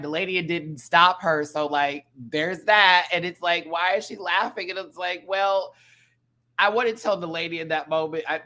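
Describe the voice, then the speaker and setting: Campy, animated man chatting live. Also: on the high side. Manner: animated and campy, mimics people, reads chat aloud. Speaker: live-stream show host. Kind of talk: casual live-stream reaction chat.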